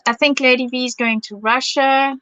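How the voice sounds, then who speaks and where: A woman's voice: high voice, steady tone, moderate pace, pushed and bright, dry recording, lo-fi sound. A woman hosting a live craft stream, reading viewer comments aloud, enthusiastic and teasing. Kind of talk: casual live-stream chat.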